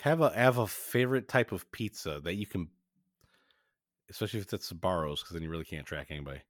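Low-voiced male podcast host, dry sound. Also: lively intonation, fast, no echo. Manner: joking, rambling, many fillers. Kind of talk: casual episode recap chat.

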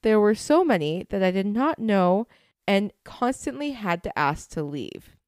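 A woman's voice: mid-range voice, big pitch swings, measured pace, darkish tone, no room sound, clean studio sound. A woman co-hosting a podcast, telling a spooky story in casual chat over a video call and breaking into laughter. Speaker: podcast co-host.

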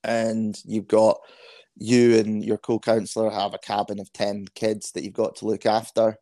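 A Scottish man in his thirties with a fairly low voice, talking as a guest on an interview podcast. He tells his stories frankly and pokes fun at himself. The recording is dry and close, with no room sound. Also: completely flat delivery, moderate pace, mellow, no room sound. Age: 30s. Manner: frank, anecdotal, self-deprecating. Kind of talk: casual interview storytelling.

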